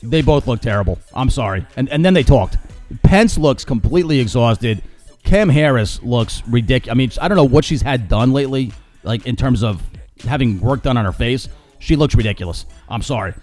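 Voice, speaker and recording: A man's voice: medium pitch, expressive, moderate pace, darkish tone, soft background music. A man hosting a solo podcast, ranting with sarcasm and mockery about current events. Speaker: podcast host. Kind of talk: opinionated solo commentary.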